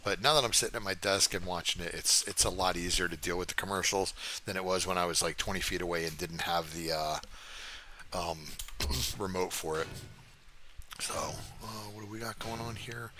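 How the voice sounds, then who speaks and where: Older man, very low voice, gaming livestream host, casual profane rambling, clicks and background noise. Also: moderate pace, pushed and bright. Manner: rambling, profane, chatty, reads and answers chat. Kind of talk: casual livestream chat while playing. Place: home desk.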